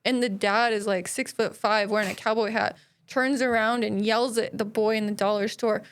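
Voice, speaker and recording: A woman's voice: medium pitch, fairly even intonation, moderate pace, clean tone. A woman co-hosting a podcast, telling stories in casual chat with lots of "like" fillers. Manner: rambling storyteller, many "like" fillers. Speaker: podcast co-host.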